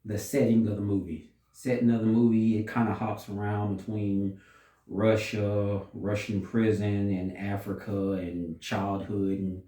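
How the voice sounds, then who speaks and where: Man, casual film review, slow and halting, low mellow voice, roomy echo, away from the mic. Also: distant mic. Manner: unhurried, pauses and restarts often. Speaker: movie reviewer.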